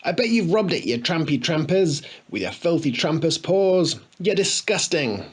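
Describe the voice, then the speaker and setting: Male narrator as a bratty posh schoolboy, high and shrill, sneering. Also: expressive, takes it slowly, vocal fry, fairly bright tone, husky, heavily acted. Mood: raging. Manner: shrill, whining, indignant.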